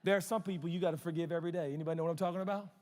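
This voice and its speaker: A man in his forties preaching a sermon as pastor, animated and joking in a conversational way. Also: a little high, very fast. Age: 40s. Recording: long hall reverb.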